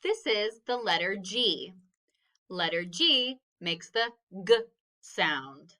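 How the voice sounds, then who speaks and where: A woman's voice: lowish voice, animated, takes it slowly, pushed and bright. A woman teaching a phonics lesson to children, patiently sounding out each letter and praising answers.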